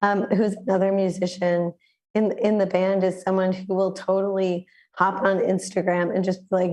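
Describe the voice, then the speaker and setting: A woman hosting a community radio interview, hoarse and raspy from the flu, chatting in a relaxed way with many fillers over a video call. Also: mid-range voice, moderate pace. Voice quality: raspy, smoky. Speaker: radio show host.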